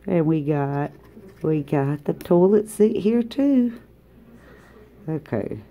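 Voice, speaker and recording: A woman's voice: low voice, lively intonation, slow pace, dark tone. A woman chatting casually to viewers while scratching lottery tickets in a hotel room, drawling and talkative.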